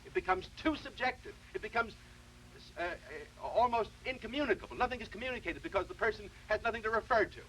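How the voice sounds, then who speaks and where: Man lecturing with deliberate restarts. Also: high-pitched, animated, pushed and bright, slight background noise, low-quality recording. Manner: measured, deliberate explaining with frequent restarts. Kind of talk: televised philosophy lecture.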